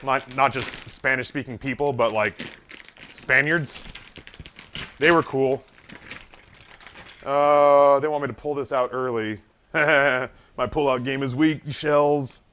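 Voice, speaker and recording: A man's voice: mid-range voice, steady tone, slow pace, long pauses, a bit bright, slight background noise. A man streaming live, telling a long story from his waiting days in a casual, profane, self-deprecating way.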